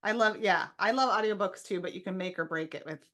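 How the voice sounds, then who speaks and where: A woman's voice: medium pitch, a little fast. A woman podcast host on a video call, laughing often and reading listener comments to her guest. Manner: laughs often, warm reactions, reads comments aloud. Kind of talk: casual interview.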